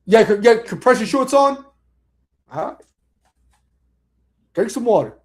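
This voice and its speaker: A man's voice: extremely high pitch, very animated, measured pace. A man co-hosting a casual sports chat, barking orders at players in a mock drill-sergeant manner. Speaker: podcast co-host.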